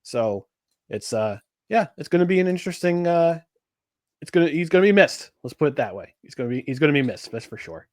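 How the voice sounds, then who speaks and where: A man co-hosting a sports podcast, talking in a loose, rambling way full of restarts and fillers. His voice sits a bit high for a man and sounds dry and close, with almost no room around it. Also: very animated, fairly quick, darkish tone, no echo. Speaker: podcast co-host. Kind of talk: casual sports chat.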